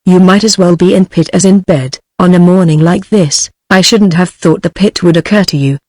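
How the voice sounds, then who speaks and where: Storybook reading: proud young wife, British woman's synthetic voice, even tone, dry. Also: lowish voice, moderate pace, no room sound, natural voice. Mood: reserved.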